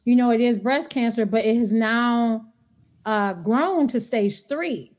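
Woman podcast guest, fairly high voice, lively storyteller who acts out quotes. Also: slow pace. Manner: animated storyteller acting out quotes. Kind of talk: casual chat.

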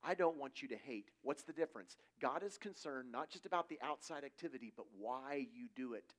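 A man's voice: medium pitch, expressive, a little fast, fairly bright tone. A middle-aged man giving a conversational sermon, telling stories casually and acting out quoted voices. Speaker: preacher.

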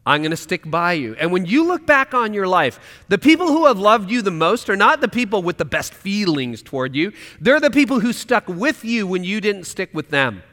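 A man preaching a sermon as pastor, impassioned, swinging from loud declarations to hushed, quiet lines. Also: high voice, big pitch swings, normal speed, few pauses, big-room sound.

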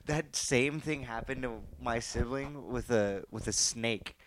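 A man's voice: medium pitch, unhurried, slight background noise. A young man co-hosting a casual podcast in his garage, easygoing, laughing often and leaning on fillers like "like". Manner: laid-back, laughs often, filler-heavy. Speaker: podcast co-host. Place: home garage.

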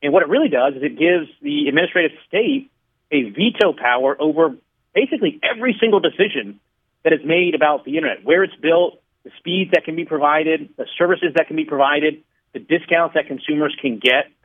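A man being interviewed on a radio show, laying out his points in a measured, explanatory way and sometimes telling a fable to make them. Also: a little high, animated, slightly rough. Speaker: radio guest, regulatory commissioner. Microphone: phone line. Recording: tinny phone line.

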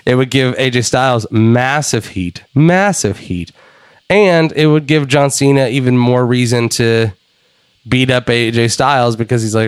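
A man co-hosting a podcast in casual chat, animated and swearing as he thinks out loud. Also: mid-range voice, a little slow, clear, resonant tone, no room sound. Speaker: podcast co-host.

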